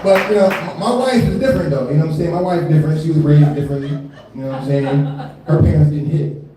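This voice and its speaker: A man's voice: a little high, fast talker, mellow. A man in his thirties doing a live stand-up set, talking loose and profane, laughing often and leaning on filler tags. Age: 30s. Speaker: stand-up comedian. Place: live comedy venue. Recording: echoey room from far off.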